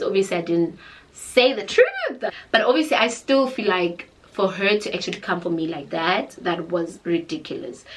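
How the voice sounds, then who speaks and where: A young woman with a South African accent, telling a storytime tale in a dramatic, animated way. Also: mid-range voice, poor audio. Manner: animated, dramatic, code-switching into Zulu. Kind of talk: casual storytime chat.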